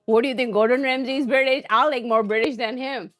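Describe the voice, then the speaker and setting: A woman's voice: fairly high pitch, steady tone, fast talker, soft background music. A woman hosting a cooking live stream, chatting casually and answering viewer comments with frequent laughs. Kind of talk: casual chat while cooking.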